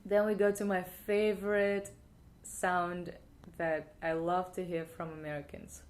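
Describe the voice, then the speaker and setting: A woman's voice: fairly low pitch, flat delivery, darkish tone. A woman with a Russian accent teaching the alphabet in a playful video lesson, repeating each sound for the viewer. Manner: playful, demonstrates sounds slowly and repeats them. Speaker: language teacher.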